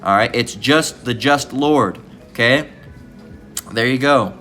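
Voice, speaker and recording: A man talks through Bible verses in a loose, rambling way, swearing freely and checking in with "all right?" over and over. His voice is bright and sharp, and faint music sits behind him. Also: medium pitch, takes it slowly. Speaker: preacher. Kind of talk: informal scripture lesson.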